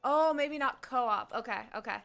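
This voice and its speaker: A woman's voice: high-pitched, normal speed, creaky, a bit bright, faint music behind. A woman streaming a game, chatting casually with her viewers and talking to herself as she plays. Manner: hums tunes and quotes game lines. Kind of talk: casual gameplay chat.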